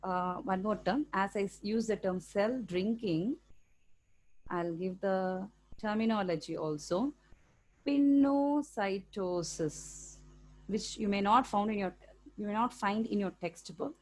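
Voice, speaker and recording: A woman's voice: medium pitch, unhurried. A woman with an Indian English accent teaching a school science lesson, explaining step by step and often checking in with "okay?". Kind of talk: classroom lecture for students.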